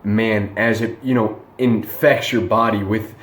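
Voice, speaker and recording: A man's voice: lowish voice, steady tone, unhurried, roomy sound, slight background noise. A young man casually telling a night-out story and giving dating advice, rambling and slangy, full of fillers and restarts.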